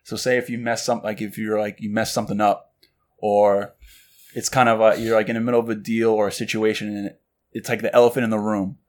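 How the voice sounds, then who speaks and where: Low-voiced casual man, filler-heavy chat. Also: a little fast. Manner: relaxed, filler-heavy, acts out quoted lines. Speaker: podcast co-host. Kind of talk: casual chat about books.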